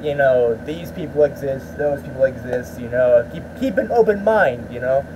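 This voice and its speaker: A man's voice: medium pitch, moderate pace, noisy background. A man ranting to camera in a rambling, profane way, restarting his sentences often. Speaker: YouTuber. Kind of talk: ranting vlog talk.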